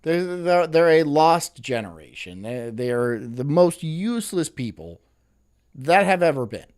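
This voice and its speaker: A man's voice: fairly high pitch, sing-song, a little slow, darkish tone, clean tone. A man hosting a casual stream, rambling, sarcastic and laughing often as he reacts to a clip. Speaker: streamer host.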